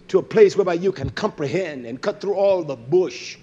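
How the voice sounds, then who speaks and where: A high-voiced man preaching a fiery sermon. He swings between loud, wailing emphasis and low, muttered asides. He scolds his listeners and drops Hebrew words into his English. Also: measured pace, highs cut off.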